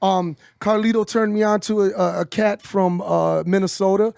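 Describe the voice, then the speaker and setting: Gravelly high-pitched man telling stories. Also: normal speed, no echo, clean studio sound. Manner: animated, swearing, acts out quotes. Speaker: interview guest. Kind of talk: casual storytelling.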